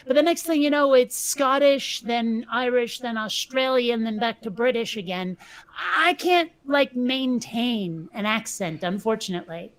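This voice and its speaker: A woman hosting a casual chat show, talking loosely and laughing at herself while reading aloud. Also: on the high side. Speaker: show host.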